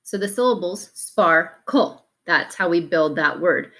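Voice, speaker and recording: A woman's voice: fairly low pitch, expressive, a little slow, a bit bright. A woman teaching a phonics lesson, patiently sounding out letters one at a time and breaking words into syllables.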